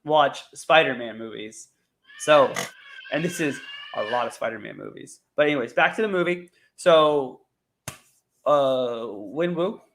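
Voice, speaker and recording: A man co-hosting a casual movie review chat, opinionated and quick to correct. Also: medium pitch, a bit bright, a little hiss or hum. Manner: opinionated, corrects the other host. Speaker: co-host of a pop culture show.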